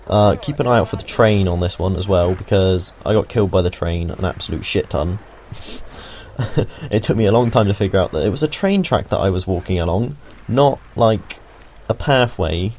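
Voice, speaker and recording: Low-voiced and darkish in tone, this young man from the UK narrates a video game walkthrough for his gaming channel. He keeps it casual and full of jokes, wandering into side comments and sometimes swearing. A little hiss or hum can be heard.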